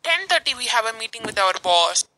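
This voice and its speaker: A woman voices a homemade cartoon, reading her short lines plainly. Her voice sits a little high and sounds bright and sharp. There is a faint hiss behind her. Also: big pitch swings, brisk, rough recording. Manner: plain, simple line reading with short replies. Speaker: channel creator voicing the office workers.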